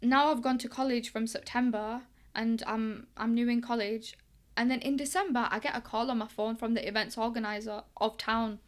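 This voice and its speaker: Chatty young Englishwoman, slightly high. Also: moderate pace. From England. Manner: chatty, lively, acts out quoted dialogue. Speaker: guest, boxing coach. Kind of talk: casual storytelling interview.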